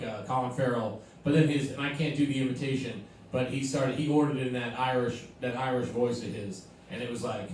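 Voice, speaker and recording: Brash crude comic, echoey club. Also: male voice, medium pitch, far from the mic, a little hiss or hum. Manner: brash, crude, deadpan bragging with laughs. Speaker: stand-up comic guest. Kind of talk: improvised stand-up storytelling. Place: comedy club with a live crowd. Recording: echoey room, off-mic.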